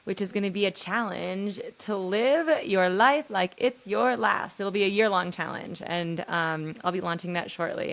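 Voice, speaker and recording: A woman guest on a podcast, a spiritual guide and coach, talking earnestly in loose, run-on reflective thoughts full of fillers. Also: mid-range voice. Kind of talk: reflective conversation.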